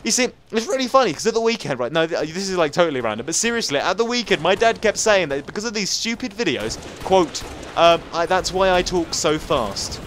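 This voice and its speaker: A young man in his late teens from England talks fast and rambles jokily over a game, and his high voice leaps around wildly. There is a faint hiss behind him throughout. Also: sing-song, fairly bright tone. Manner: fast, rambling and jokey, with sudden squeaky jumps. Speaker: gaming YouTuber. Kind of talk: casual gameplay commentary.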